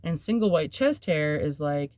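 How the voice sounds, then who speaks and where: A woman's voice: low-pitched, animated, normal speed, darkish tone, dry recording, studio quality. A woman hosting a podcast, telling a personal story in a candid, rambling way, with filler words and nervous laughs. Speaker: podcast host.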